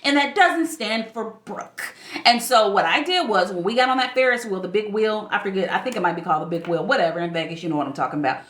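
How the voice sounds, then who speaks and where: A woman's voice: mid-range voice, racing, few pauses, a bit bright, reverberant. A woman in her forties, a life coach, talking candidly to camera in a casual vlog, emphatic and fond of rhetorical questions. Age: 40s.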